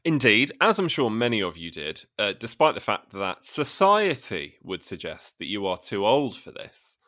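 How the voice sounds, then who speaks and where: A man in his late twenties, co-hosting a casual podcast and telling stories in a wry, deadpan way. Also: on the low side, moderate pace. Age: late 20s. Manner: wry, deadpan storytelling with lively ups and downs. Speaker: podcast co-host.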